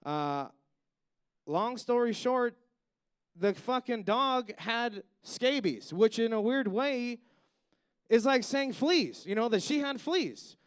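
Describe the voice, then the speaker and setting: A man's voice: very high voice, animated, slow, smooth. A man doing a stand-up comedy set on stage, rambling and swearing, with lots of "like" and "you know.".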